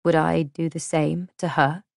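A woman narrating a first-person audiobook in a measured, reflective way. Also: sits low, level tone, creaky, dry recording, studio quality.

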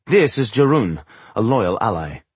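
A man voicing a stern, commanding woman mage in an audiobook, speaking grimly and forcefully. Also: lowish voice, big pitch swings, unhurried, husky, no echo, heavily acted. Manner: grim, clipped, forceful.

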